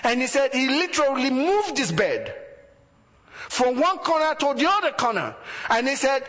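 A man's voice: extremely high pitch, very animated, moderate pace, a bit bright, big-room sound. A man preaching a sermon as a pastor, building emphasis through repeated phrases.

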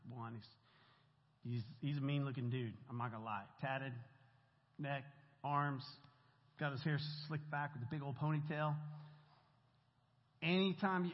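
Man telling a chatty church testimony. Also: a little high. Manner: casual, chatty storytelling with slang. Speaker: church volunteer giving testimony. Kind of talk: testimony told to a church congregation. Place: church meeting room. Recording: echoey hall, dull lo-fi sound.

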